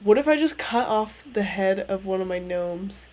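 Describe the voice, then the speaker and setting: A woman's voice: medium pitch, expressive, normal speed, a little mellow. Crude, joking young woman streamer. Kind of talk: casual gameplay stream chat.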